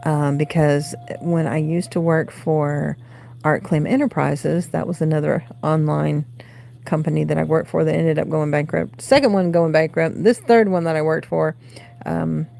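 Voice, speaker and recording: Southern woman in her forties, craft stream host, dark mellow voice, rambling chatter. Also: low-pitched, level tone, moderate pace, creaky, a little hiss or hum. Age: 40s. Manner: rambling, coos baby talk to her cats. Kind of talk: casual livestream chat. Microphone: phone.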